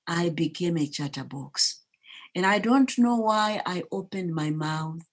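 Woman from zimbabwe, low voice, emphatic storytelling. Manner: slow, deliberate, emphatic storytelling. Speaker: speaker telling her life story. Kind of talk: storytelling talk.

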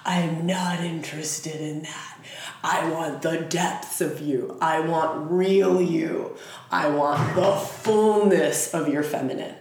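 A woman voicing Pluto as a masculine god who is loving but demanding, speaking low and insistently. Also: steady tone, slow pace, darkish tone. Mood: intense. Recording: very echoey room.

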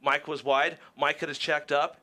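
An animated man with a bright, forceful voice and a slightly high pitch, telling a heated story on a talk radio show. He acts out the other people in his story as he goes. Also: moderate pace. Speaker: team manager. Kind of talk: heated casual radio chat.

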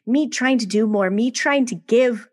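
A woman in her thirties speaks with a slightly raised pitch as a podcast guest. She tells her story candidly and animatedly, full of small asides, in a relaxed conversational manner. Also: measured pace.

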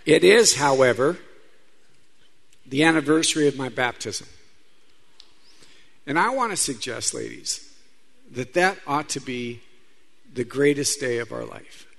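A man's voice: medium pitch, animated, a little slow, gravelly, pauses often, a bit bright. A man, a Catholic priest, preaching a sermon in a conversational style, telling stories and speaking asides to the audience.

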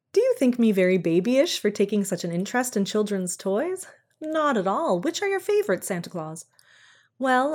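A woman voicing a kindly old Santa Claus, gentle and earnest, speaking in a confiding, fond way in a storybook reading. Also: on the high side. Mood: delighted. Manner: warm, confiding, fond of toys.

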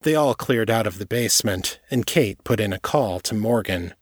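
Low-voiced man narrating an audiobook. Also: expressive, normal speed, breathy edge, no echo, clean studio sound. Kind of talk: scripted narration.

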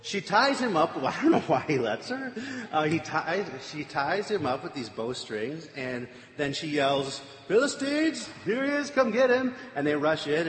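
A man's voice: fairly high pitch, fairly bright tone. A man casually retelling a scripture story with chatty, wry asides. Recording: echoey hall, faint room noise.

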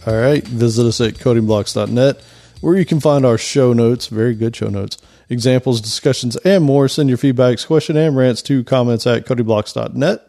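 Man, podcast co-host, relaxed mellow tone, easygoing chat. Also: medium pitch, normal speed, vocal fry. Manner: easygoing, good-humored.

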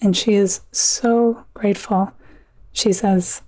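A woman author telling an old myth in a conversation, earnest and vivid, with quick asides. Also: mid-range voice, fairly even intonation, dark tone. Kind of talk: conversational storytelling.

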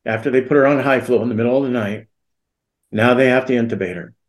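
Earnest middle-aged man telling a story. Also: mid-range voice. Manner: earnest, halting, re-enacts dialogue. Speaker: interview guest. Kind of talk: personal storytelling.

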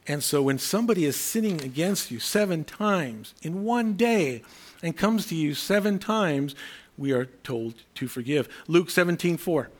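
A man with a slightly raised pitch preaching a sermon. He talks in a conversational way, slipping into the voices of imagined people as he explains verses. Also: lively intonation, moderate pace.

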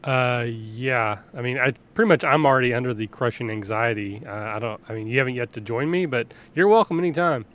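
A man's voice: mid-range voice, a little fast, hardly any pauses, a bit bright. A man guesting on a podcast, chatting casually and arguing his point stubbornly. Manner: stubborn, laughing. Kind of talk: casual chat.

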